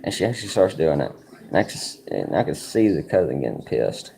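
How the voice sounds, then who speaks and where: A man's voice: rumbling low, very animated, brisk, creaky, mellow. A man streaming a card game, telling a rambling, profane story full of "like" and "you know". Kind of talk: casual storytelling while playing a card game.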